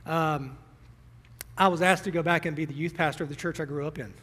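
A man's voice: a little high, steady tone, a little fast, fairly bright tone, husky, long reverb tail. A young man preaching a sermon to his congregation, earnest and emotional, a little teary as he speaks directly to them. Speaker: pastor. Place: church sanctuary.

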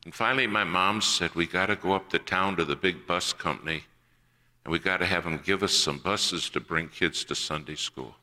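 Male preacher, low and forceful, telling a story from the pulpit and playing each voice in it. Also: moderate pace. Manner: acts out quoted voices in a personal story. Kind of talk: sermon storytelling.

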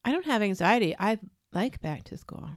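A woman's voice: mid-range voice, very animated, normal speed. A woman in her thirties co-hosting a podcast in casual, enthusiastic, teasing chat. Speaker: podcast co-host.

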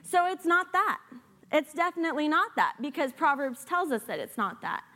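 Preaching as a guest, this high-voiced woman brings plenty of energy, alternating sincere exhortation with teasing sarcasm. Her pitch swings widely at a moderate pace, and her delivery sounds pushed and bright.

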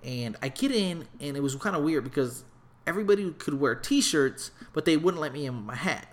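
A man's voice: fairly high pitch, animated, a little fast. Profane, rambling storytelling man. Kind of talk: casual comedic storytelling.

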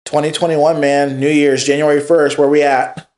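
A man's voice: a little high, flat delivery, moderate pace, a little mellow. A young man, a podcast guest, chatting in an easygoing, slangy and enthusiastic way. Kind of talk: casual chat.

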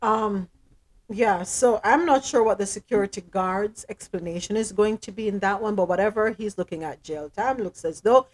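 Female radio host at mid pitch, delivering news in an even, measured read. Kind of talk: live radio news reading.

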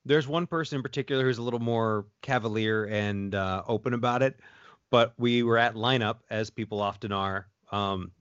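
A man's voice: fairly low pitch, moderate pace, fairly bright tone, smooth, dry recording, muffled recording. A man co-hosting a casual chat and telling stories, rambling with many fillers and restarts. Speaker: podcast co-host.

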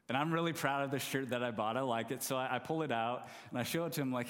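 A man's voice: mid-range voice, steady tone, quick pace, few pauses. A man in his thirties preaching a sermon, telling a self-deprecating, humorous story about his family. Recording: long hall reverb.

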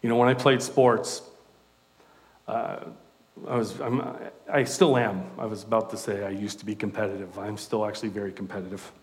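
A man preaching a sermon in a conversational, animated way, with self-deprecating asides. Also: lowish voice, normal speed.

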